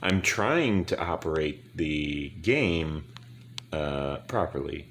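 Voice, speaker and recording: A man with a very deep voice gives drowsy, drawn-out gameplay commentary, yawning and mumbling his way through the game. A faint hiss sits under the home microphone recording. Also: lively intonation, a bit bright. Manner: slow, trailing off, mumbling to himself. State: very sleepy, yawning. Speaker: gaming YouTuber.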